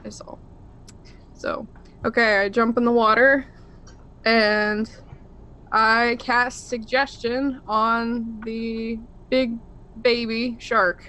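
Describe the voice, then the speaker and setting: A woman player describes her moves in a tabletop game. Her voice is fairly high and very bright. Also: little pitch movement, very slow, pauses often, clear, resonant tone. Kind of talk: casual chat around a tabletop game.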